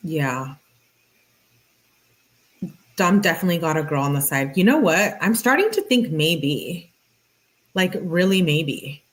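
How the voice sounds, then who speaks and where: A woman's voice: low-pitched, animated, measured pace, pauses often, low-quality recording. A woman host reading text messages aloud in a casual, conversational way, with her own chatty commentary full of "like". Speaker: channel host.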